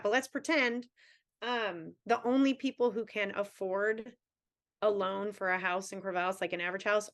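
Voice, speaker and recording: A woman's voice: mid-range voice, fairly bright tone. A woman in her thirties, a teachers' union president, answering questions at a town hall in an earnest, candid way with long run-on thoughts.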